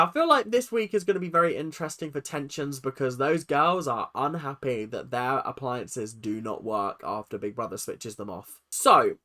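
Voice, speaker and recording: A young man casually ranting through a reality TV recap, chatty and animated, mocking people with quick impressions. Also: a little high.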